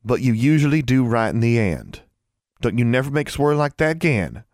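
A man's voice: medium pitch, expressive, brisk, dry recording, studio quality, voice pushed up, lightly acted. A man reading an audiobook, voicing a teenage country girl who scolds her friend in homespun phrasing. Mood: fond scolding. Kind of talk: audiobook character voice.

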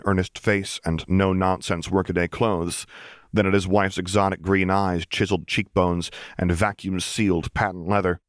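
A man narrating a story with a wry, measured delivery. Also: low-pitched, no echo, studio quality. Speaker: audiobook narrator. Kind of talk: fan fiction narration.

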